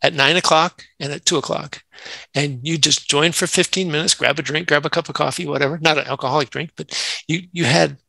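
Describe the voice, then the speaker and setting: A man's voice: fairly high pitch, fairly even intonation, a little fast, gravelly, pushed and bright, no echo, rough recording. A man, a nonprofit CEO, talking earnestly in an interview and telling workplace stories. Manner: earnest, acts out quoted dialogue in anecdotes. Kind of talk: conversational interview storytelling.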